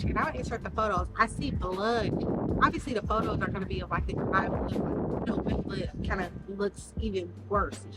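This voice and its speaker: A woman vlogger telling a story in a casual, animated way, full of slang and swearing. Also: mid-range voice, moderate pace, heavy background noise.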